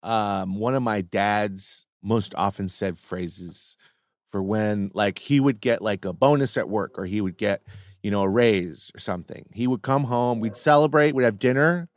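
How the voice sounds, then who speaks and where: A podcast co-host in casual chat, blunt and relaxed, swearing freely. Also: mid-range voice, measured pace, no echo, clean studio sound.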